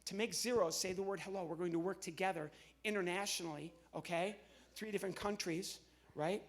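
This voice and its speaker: A man from New Jersey, a ventriloquist and comedian, cheerfully coaching volunteers on a church stage. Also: high voice. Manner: upbeat, coaxing, gives quick instructions to volunteers. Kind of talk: live comedy stage show. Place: church stage before an audience.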